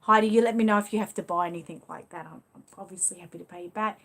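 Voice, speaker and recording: A woman's voice: medium pitch, very fast, a bit bright. Chatty Australian woman on a livestream. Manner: chatty, leans on "you know" fillers. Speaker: livestream host. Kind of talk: casual live chat reading viewer comments.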